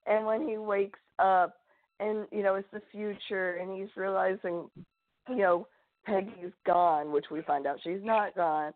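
A woman's voice: medium pitch, a little slow, no echo. A woman co-hosting a podcast, rambling and joking as she retells film scenes. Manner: animated, rambling, jokey. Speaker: podcast co-host. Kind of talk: casual chat. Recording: tinny phone-like line.

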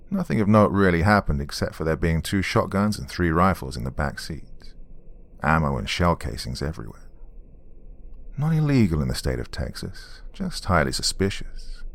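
A man with a very deep, low voice tells a true story from his days as a police officer. His delivery is dry and matter-of-fact, with wry dark humor. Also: creaky. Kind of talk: storytelling narration.

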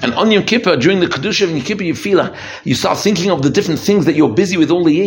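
A man giving an emphatic sermon as a rabbi, often repeating and restarting his phrases. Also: very fast. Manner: lively, emphatic preaching that swings from low and quiet to high and intense. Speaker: rabbi giving a holiday talk.

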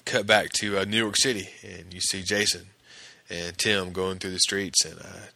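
A man's voice: deep voice, level tone, normal speed, vocal fry, bright, forceful tone, no room sound. A man casually recapping a TV episode scene by scene, with plenty of fillers and restarts. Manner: conversational, many fillers and restarts. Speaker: podcast host recapping an episode.

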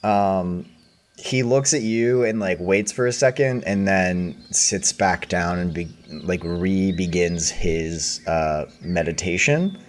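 Deep-voiced man running a tabletop game. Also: lively intonation, takes it slowly. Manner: hesitant, filler-heavy narration. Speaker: game master.

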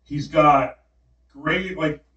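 Casting: man, casual slangy storyteller, mid pitch, roomy distant mic. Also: drawn-out words, highs cut off. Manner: animated, slangy dream retelling with many fillers. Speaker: podcast guest.

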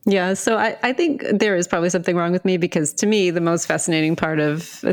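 A woman's voice: on the low side, fast, dry recording, studio quality. A woman podcast host from the Boston area with a Boston accent, chatting casually and laughing often. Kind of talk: casual conversational interview.

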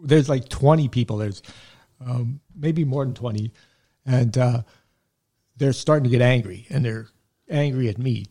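A man's voice: medium pitch, a little slow, mellow. A middle-aged man, a veteran paramedic, telling rambling war and work stories in a laid-back way with frequent chuckles. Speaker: guest, veteran paramedic and army medic. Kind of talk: casual storytelling.

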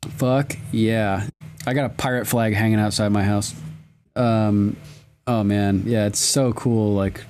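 A man with a slightly low voice co-hosting a podcast. He chats casually and rambles, swearing freely and restarting his sentences. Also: fairly even intonation, a little slow, darkish tone, soft background music. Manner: loose and profane, rambling with restarts. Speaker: podcast co-host. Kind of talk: casual chat.

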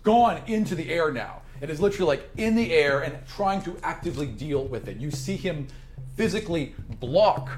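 A man narrating as game master of a tabletop role-playing game, describing scenes in a lively, vivid way. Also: on the high side, moderate pace.

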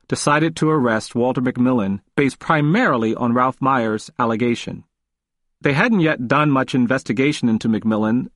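A man reading a memoir audiobook in a measured, earnest way. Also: mid-range voice, a bit bright, dry recording, clean studio sound. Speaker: narrator.

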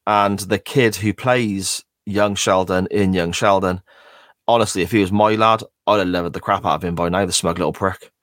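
Blunt, low-voiced man. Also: steady tone, normal speed, fairly bright tone, dry recording, studio quality. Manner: blunt, jokey and opinionated. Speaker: podcast co-host. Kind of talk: casual chat.

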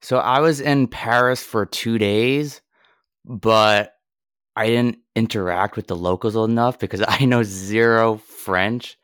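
A man's voice: fairly low pitch, fairly even intonation, takes it slowly, fairly bright tone, smooth, no room sound, studio quality. A man co-hosting a casual podcast, laid-back and hesitant, chuckling often as he talks. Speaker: podcast co-host. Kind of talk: casual chat.

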